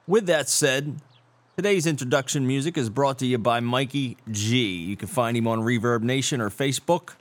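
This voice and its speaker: A man's voice: medium pitch, moderate pace. A man hosting a show, reading a scripted introduction in a dry, sarcastic way. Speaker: show host.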